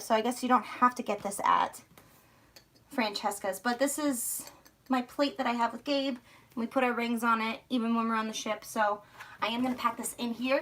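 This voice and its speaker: A woman's voice: fairly high pitch, a bit bright, a little hiss or hum. Chatty young woman with a Philly accent. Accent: Philadelphia area. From outside Philadelphia. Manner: chatty, rambling, self-mocking. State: slightly hoarse. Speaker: vlogger. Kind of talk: casual livestream chat while packing.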